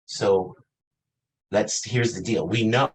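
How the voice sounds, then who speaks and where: A man's voice: lowish voice, slow, poor audio. A man in his fifties preaching a reflective sermon, asking the congregation questions and laughing lightly between thoughts. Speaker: pastor.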